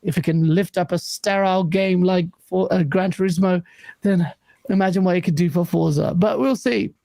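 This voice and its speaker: A man hosting a casual gaming livestream panel, voice gone hoarse, blunt and swearing, laughing often and reading out super chats. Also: high-pitched, steady tone, normal speed, warm tone, dry recording. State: lost voice. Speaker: livestream host.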